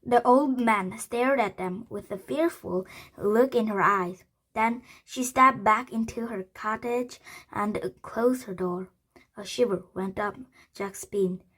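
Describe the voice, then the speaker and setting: A woman reading a children's chapter book aloud, slow and halting, often correcting herself. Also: mid-range voice, fairly bright tone, slightly rough. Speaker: reader.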